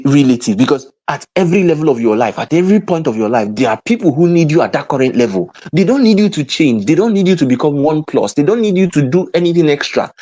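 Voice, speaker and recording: A man's voice: a little high, warm tone. A man giving a motivational online lesson as a mentor, repeating points and talking to viewers in the chat. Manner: emphatic, repetitive, addresses the chat. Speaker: mentor and coach.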